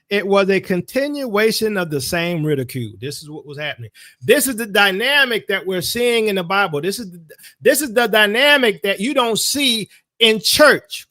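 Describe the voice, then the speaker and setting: A man's voice: high-pitched, bright, forceful tone, no echo, studio quality. A man teaching in a sermon style, emphatic and insistent, repeating his key phrases for weight. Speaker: Bible teacher.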